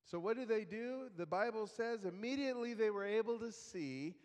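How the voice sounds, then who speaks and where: A man's voice: sits high, lively intonation, normal speed, a little mellow. A man preaching a sermon, telling a story in a conversational way. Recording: long reverb of a hall.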